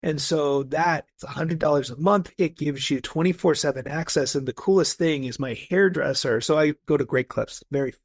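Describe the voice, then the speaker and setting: A man's voice: a little high, moderate pace, few pauses, dry recording. A man talking eagerly as a podcast guest, telling stories in a casual, enthusiastic way with frequent restarts. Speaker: guest, personality coach.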